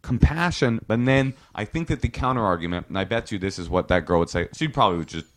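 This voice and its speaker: Lively storytelling man, low voice. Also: fast talker. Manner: animated storytelling, acts out quotes in other voices. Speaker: comedian guest. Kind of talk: casual podcast chat.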